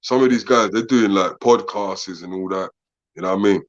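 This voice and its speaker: A fairly low-voiced man, chatting on a casual podcast. He asks question after question, laughs easily and drops "bro" and "man" throughout. The sound is a bit dull and lo-fi. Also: a little fast. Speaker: podcast co-host. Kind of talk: casual chat.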